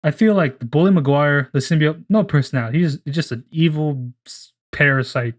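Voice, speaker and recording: Rambling, swearing man pitching ideas. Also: fairly quick. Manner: rambling, profane, full of restarts. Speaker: podcast co-host. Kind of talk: casual chat.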